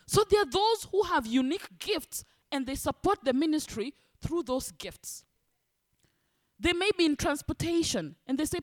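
High-voiced woman preaching. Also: moderate pace. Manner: animated, acts out congregants' voices. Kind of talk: sermon.

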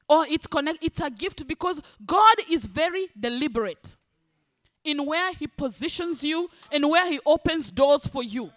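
High-voiced woman preaching. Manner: animated, acts out congregants' voices. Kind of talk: sermon.

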